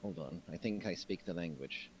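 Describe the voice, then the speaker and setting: A man voicing an earnest female adventurer in a tabletop game who speaks slowly and carefully to tiny creatures. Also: low-pitched, slight background noise, natural voice.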